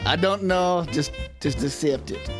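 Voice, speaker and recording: Teasing, higher-voiced male co-host. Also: lively intonation, a little slow, music in the background. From United States. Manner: teasing, interrupting, crude jokes. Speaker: podcast co-host. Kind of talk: casual chat.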